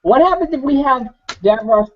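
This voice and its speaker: A man's voice: very high voice, lively intonation, moderate pace. A man co-hosting a casual fan podcast, eager and rambling as he tosses out ideas. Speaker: podcast co-host. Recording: muffled lo-fi podcast audio.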